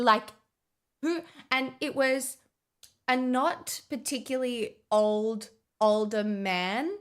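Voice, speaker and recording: A woman's voice: fairly high pitch, fairly bright tone. A young woman, chatting casually as a vlogger, swearing often and restarting her sentences. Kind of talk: casual storytime chat.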